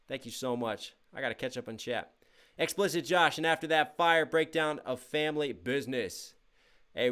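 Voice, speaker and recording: A man's voice: medium pitch, clean tone. A young man hosting a casual livestream, reading out donations and chat messages with upbeat energy, a little tired. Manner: upbeat, hyped shout-outs to chat. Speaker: livestream host.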